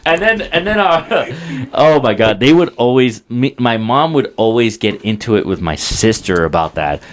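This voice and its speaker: A man in his twenties co-hosting a podcast, telling stories in a casual, profane and animated way. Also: medium pitch, normal speed. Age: 20s. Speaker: podcast co-host. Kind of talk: casual chat.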